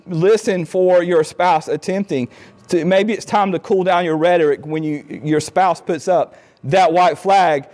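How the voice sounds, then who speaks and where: Middle-aged man, high voice, earnest conversational talk on marriage, acts out quoted lines. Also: fairly even intonation, measured pace, darkish tone. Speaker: speaker on marriage. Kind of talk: informal talk on marriage advice.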